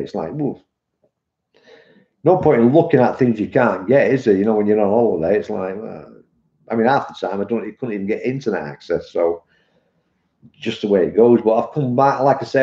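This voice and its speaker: A man's voice: fairly low pitch, a little fast, warm tone. A middle-aged British man chatting casually on a live stream, rambling and calling viewers "mate". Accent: British English. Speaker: vape reviewer and live streamer. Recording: muffled, echoey room.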